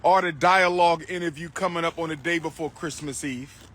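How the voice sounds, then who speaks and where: A man livestreaming outdoors into a phone, loud and declaiming, repeating his phrases. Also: on the high side, steady tone, fairly quick. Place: outdoors on a street.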